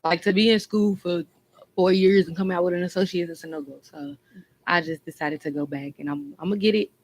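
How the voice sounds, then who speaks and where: A woman's voice: on the low side, brisk, a little mellow, low-quality recording. A woman chatting casually on a radio talk show, teasing and laughing a lot. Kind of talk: casual chat.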